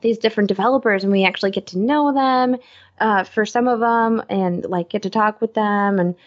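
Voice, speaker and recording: A woman co-hosting and producing a podcast, chatting in a rambling, excitable way and acting out what people said. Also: medium pitch, a little fast, lo-fi sound. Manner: rambling, excitable storyteller who acts out quotes. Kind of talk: casual chat.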